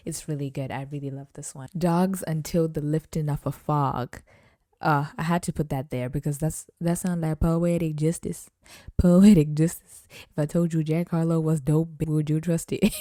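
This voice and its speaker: A young woman hosting a podcast, chatting casually about rap lyrics and laughing often as she reads lines out slowly. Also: sits low, flat delivery, warm tone, dry recording, clean studio sound. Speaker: podcast host.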